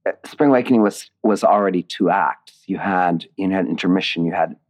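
In an interview conversation about his work, a writer and lyricist with a low voice speaks a little fast. His answers wander and restart frequently, expressive and at times emotional.

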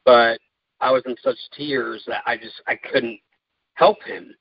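A man speaking in an interview, talking in a halting, heartfelt way with many fillers. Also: medium pitch, steady tone, muffled recording, a little hiss or hum. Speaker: guest, caregiver. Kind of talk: candid interview talk.

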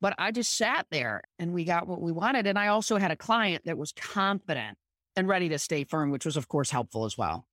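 A woman's voice: lowish voice, animated, brisk, fairly bright tone. A woman guest telling negotiation stories in a podcast interview, emphatic and punchy, repeating her key points. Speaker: guest, sports agent. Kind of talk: conversational storytelling in a podcast interview.

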